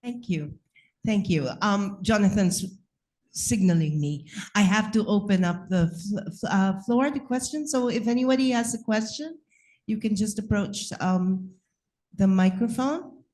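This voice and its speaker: A woman moderating a panel discussion, brisk and courteous as she opens the floor to questions. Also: mid-range voice, darkish tone.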